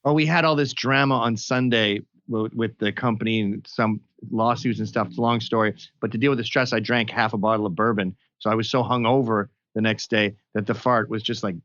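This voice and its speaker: A man's voice: fairly low pitch, fairly even intonation, brisk, few pauses, fairly bright tone, no echo. Blunt, crude-talking man, dry lo-fi sound. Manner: crude, blunt storytelling with acted quotes. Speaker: podcast guest. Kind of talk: casual podcast chat.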